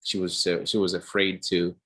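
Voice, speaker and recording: A man giving a casual artist talk over a video call, telling animated stories full of restarts and acted-out quotes. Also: deep voice, normal speed, slightly rough. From Cuba. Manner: animated, many restarts, acts out quoted voices. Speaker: guest artist.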